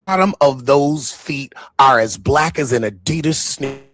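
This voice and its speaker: A man's voice: mid-range voice, lively intonation, normal speed, a bit bright, a little hiss or hum. A man, hosting a reaction show, talking in a casual, mocking way and swearing freely. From the Bronx, New York. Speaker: host reacting to an interview.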